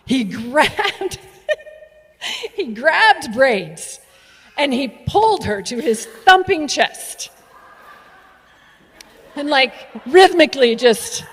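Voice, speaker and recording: A woman telling a story on stage, playful and animated, with laughs and asides. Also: a little high. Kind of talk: live storytelling performance. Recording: reverberant hall.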